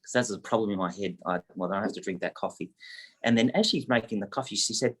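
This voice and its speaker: A man, a real estate agent telling a story and coaching in a casual, animated way. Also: on the low side, fast, breathy edge. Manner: animated anecdote teller, lively, acts out quotes.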